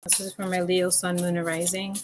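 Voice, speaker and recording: A woman's voice: on the low side, flat delivery, fairly quick. A woman giving a casual tarot reading to camera at home, chatty and informal with loose fillers. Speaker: tarot reader. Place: room at home with a fan. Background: faint renovation noise from upstairs.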